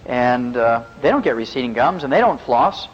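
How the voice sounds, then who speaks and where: A man's voice: mid-range voice, big-room sound. A man from the Midwest, a veterinarian and physician, giving a folksy, joking health lecture to a live audience. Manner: joking storyteller, animated and fast-talking. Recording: muffled lecture recording with faint hiss.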